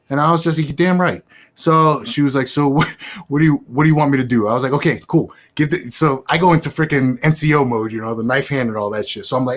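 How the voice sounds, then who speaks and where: A man's voice: medium pitch, fast talker. A young man telling a casual, profane story in an interview and acting out the dialogue. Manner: animated, profane, acts out quoted dialogue. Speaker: guest, business affiliate.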